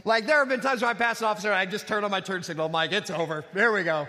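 A man's voice: high-pitched, expressive, racing, bright, forceful tone. A man preaching a sermon, telling personal stories with self-deprecating humor and rhetorical questions. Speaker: pastor. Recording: echoey hall with long reverb.

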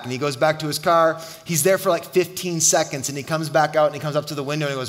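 A middle-aged man, a pastor preaching a sermon and telling stories in an animated way. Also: fairly high pitch, normal speed, background noise. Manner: animated storytelling, shouting at the climax. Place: church hall. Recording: long hall reverb.

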